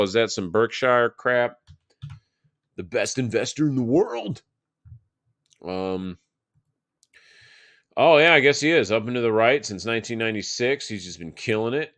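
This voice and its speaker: A Texan man in his thirties hosts a live market analysis show, speaking in a mid-range voice on a dry recording. He chats casually and thinks aloud over charts, loose and profane, with plenty of fillers.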